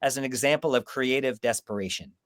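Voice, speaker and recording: A man's voice: mid-range voice, fairly quick, dry recording, studio quality. An American man hosting a casual film-discussion podcast, giving candid opinions and personal anecdotes. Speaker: podcast host.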